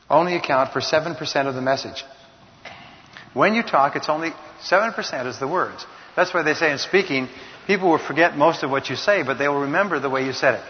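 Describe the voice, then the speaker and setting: A man giving a motivational lecture on communication, emphatic and slowing down for key points. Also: mid-range voice. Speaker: speaker on communication. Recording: dull sound, long hall reverb.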